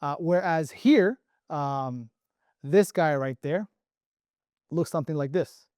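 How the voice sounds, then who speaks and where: Male online teacher, upbeat and jokey, higher-pitched, dry close sound. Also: a little mellow, no room sound. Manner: playful, joking, thinking aloud. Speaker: Arabic letter teacher. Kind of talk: casual online lesson.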